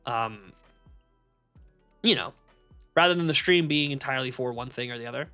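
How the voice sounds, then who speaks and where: A man live-streaming from a warm room at home, rambling and swearing casually and laughing at his own jokes. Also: mid-range voice, moderate pace, smooth, soft background music. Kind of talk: casual live-stream chat while shiny hunting.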